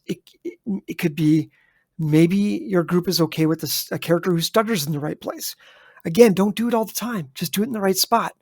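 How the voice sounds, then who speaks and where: A man's voice: sits high, darkish tone, no echo, studio quality. A man co-hosting a podcast, giving emphatic, jokey advice to listeners. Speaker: podcast co-host. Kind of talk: casual chat.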